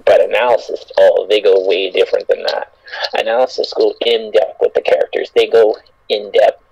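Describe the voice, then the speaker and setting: A man's voice: on the low side, moderate pace, vocal fry, darkish tone, slightly rough, no echo. A man co-hosting a casual podcast chat, rambling and repeating his words. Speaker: podcast co-host. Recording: dull lo-fi sound.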